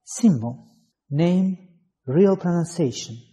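A male English teacher works through a phonetics lesson, reading each letter and example word on its own. His delivery is very slow and deliberate, with a dark, mellow tone. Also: on the high side, animated. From Azerbaijan. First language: Azerbaijani. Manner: slow, measured reading of letters and example words one at a time.

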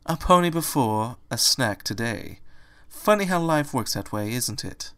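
A man voicing a malicious female cat, speaking slowly with a sly, mocking manner in a storybook reading. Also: medium pitch, lively intonation, fairly bright tone, clean tone. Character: malicious slow-talking female white cat.

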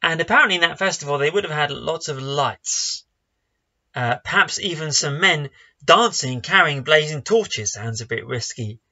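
Guy pastor doing an online sermon, chatty with little jokes, bright voice, kinda muffled audio. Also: on the high side, expressive, normal speed. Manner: conversational, self-deprecating humor.

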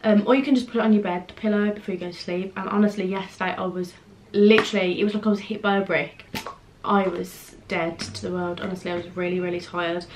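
Indoors at home, a young female vlogger talks fast and rambles to camera in a medium-pitched, fairly even voice against a noisy background. She's out of breath, chatty, and occasionally goes almost to a whisper.

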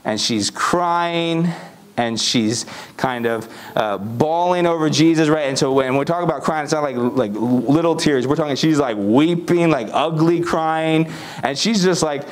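A man's voice: on the high side, unhurried, close to an everyday voice. A man playing the disciple Andrew in a first-person sermon, telling the story in a chatty way with fillers.

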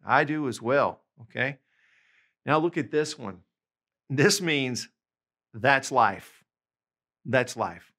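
A man teaching a language lesson, patiently explaining examples and slowing down to say the phrases clearly. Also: medium pitch, bright, forceful tone. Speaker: language tutor.

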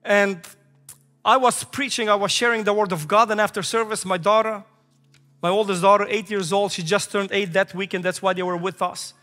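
A man's voice: sits high, steady tone, moderate pace, bright, forceful tone. A male pastor in his thirties preaching a sermon, emphatic and repetitive, weaving in stories from his own family. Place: large church sanctuary. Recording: echoey hall with faint music.

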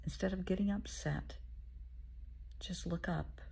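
A low-pitched, deeply gravelly woman speaks as a therapist giving a motivational talk. Her voice is very husky and breathy, often dropping to a half-whisper. She is middle-aged and addresses the listener as honey. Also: a little slow, warm tone.

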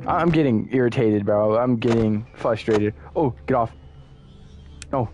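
A young man giving casual, excitable commentary while playing a horror game, muttering one moment and yelling the next. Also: mid-range voice, unhurried, over music. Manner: excitable, swings from muttering to yelling at jump scares. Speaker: gaming streamer.

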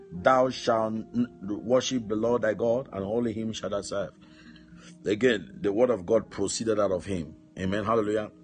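A male pastor preaching a sermon with fervor, punctuating his points with amen and hallelujah. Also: on the low side.

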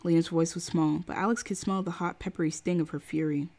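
Female streamer with a low-pitched voice, reading a novel aloud, chatty between passages. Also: fairly even intonation, quick pace, warm tone. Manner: casual, slangy asides to chat between passages. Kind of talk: live-stream book reading.

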